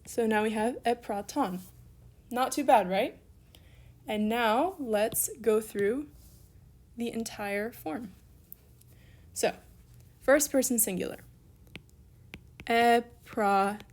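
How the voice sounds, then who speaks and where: A woman's voice: on the high side, slow pace, long pauses, a little mellow. Upbeat young woman teaching a lesson. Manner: upbeat, encouraging, talks through worked examples; self-correcting, casual asides. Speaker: Greek language teacher. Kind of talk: recorded online lesson.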